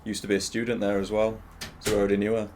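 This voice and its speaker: A man's voice: fairly low pitch, monotone, very fast, a little mellow, a little hiss or hum. A young man chatting as a podcast guest, laid-back and hesitant, with many fillers. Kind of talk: casual chat.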